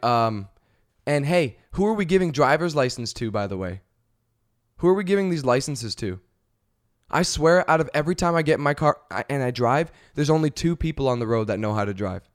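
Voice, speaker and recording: A man hosting a podcast, ranting casually and comedically in a profane, exasperated, rambling way. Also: medium pitch. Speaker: podcast host.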